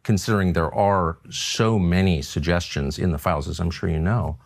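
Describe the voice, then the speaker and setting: Very deep-voiced man pressing questions. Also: steady tone, creaky. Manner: measured, pressing. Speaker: interviewer. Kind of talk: pointed interview questioning.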